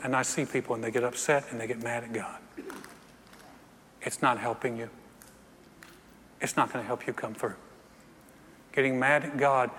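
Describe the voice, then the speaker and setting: Animated pastor in a hall. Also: male voice, mid-range voice, a little hiss or hum. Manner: animated, acts out scenes, jokes with congregation. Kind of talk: sermon. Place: church sanctuary. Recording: reverberant hall with faint ambience.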